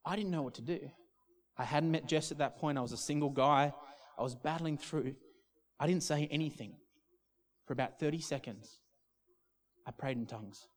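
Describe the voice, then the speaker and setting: A man's voice: on the high side, moderate pace, long pauses. A man, a pastor preaching a sermon through a personal story, restarting and repeating words as he talks.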